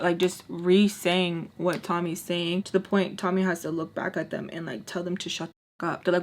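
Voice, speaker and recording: A woman telling a casual storytime while doing her makeup, chatty and exasperated, often dropping into hushed asides. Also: fairly low pitch, flat delivery, a little fast. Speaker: storytime vlogger.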